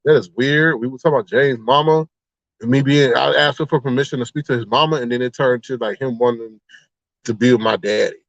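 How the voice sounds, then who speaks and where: A medium-pitched, creaky-voiced man talks briskly on a dry, muffled recording. He hosts a livestream, gossiping casually to his live chat about online drama and animatedly acting out the exchanges he quotes.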